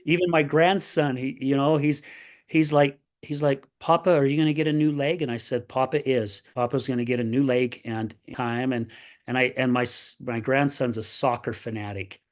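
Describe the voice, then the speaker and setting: A man's voice: mid-range voice, moderate pace. Earnest upbeat man in his 60s. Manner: earnest, upbeat, repeats "right?" and "I tell you what"; plays other people's voices in animated retellings. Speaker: podcast guest. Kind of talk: candid interview talk.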